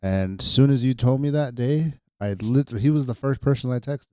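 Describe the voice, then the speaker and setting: A man's voice: mid-range voice, moderate pace, mellow, smooth, no echo, studio quality. A young man and comedian co-hosting a podcast, telling stories in a laid-back, slangy casual chat.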